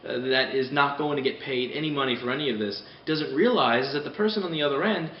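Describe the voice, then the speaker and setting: A man casually ranting on a vlog, animated, rambling and profane, heard from a distance. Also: mid-range voice, fast, a little hiss or hum. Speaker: repair shop owner vlogging. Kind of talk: casual spoken rant. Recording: distant mic in a roomy space, dull sound.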